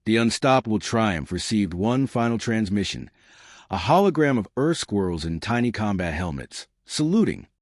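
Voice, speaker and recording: Low-voiced man narrating wryly. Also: big pitch swings, moderate pace, no echo, studio quality. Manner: wry, comic storytelling. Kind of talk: scripted narration.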